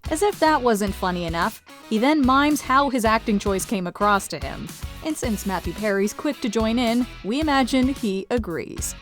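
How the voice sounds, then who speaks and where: A woman's voice: fairly high pitch, expressive, moderate pace. A woman reading scripted voice-over narration for a countdown video, upbeat and playful. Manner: upbeat, playful list-show delivery. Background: faint music.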